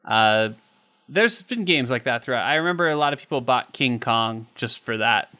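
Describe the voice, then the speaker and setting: Male podcast co-host, bright tone, joking casual banter. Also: mid-range voice, lively intonation, moderate pace. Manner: joking, laughs often, swears casually. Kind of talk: casual chat.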